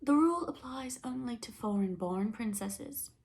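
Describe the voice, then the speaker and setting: A woman's voice: fairly high pitch, animated, normal speed, vocal fry, darkish tone, voice pushed up. A woman voicing a haughty, scheming queen mother who speaks snidely in a storybook. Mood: smug. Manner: snide and purring.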